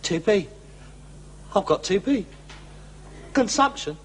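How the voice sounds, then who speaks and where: An actor playing a middle-aged, melodramatic hypochondriac son, theatrical and self-pitying in a sitcom. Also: male voice, high-pitched, lively intonation, slow pace, fairly bright tone, slight background noise, heavily acted. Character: melodramatic hypochondriac grown son, put-upon.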